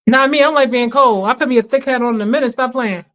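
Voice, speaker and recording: Woman, high voice, slangy livestream chat, quick asides, laughing. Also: a bit bright, rough recording. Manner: chatty, slangy, laughs often, fast asides. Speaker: co-host of a livestream watch-along. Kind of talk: casual chat reacting to a livestream.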